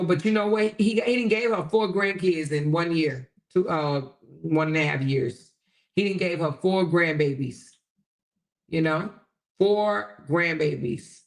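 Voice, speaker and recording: A woman's voice: sits low, slow, gravelly. A woman hosting a livestream, talking bluntly and casually to her viewers and reading their comments aloud. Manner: chatty, addresses viewers directly, reads comments aloud; blunt and colloquial. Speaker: livestream host.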